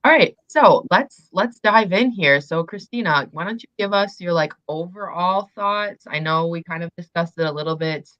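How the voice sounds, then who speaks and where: A young woman hosting a casual livestream book discussion, slightly croaky as she loses her voice, chatty and full of fillers. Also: lowish voice, normal speed, hardly any pauses, no room sound, highs cut off. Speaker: booktube host.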